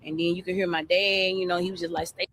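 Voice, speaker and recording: Soft-spoken woman recalling events. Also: fairly low pitch, little pitch movement. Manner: casual, halting, many "you know" fillers. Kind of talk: interview recollection.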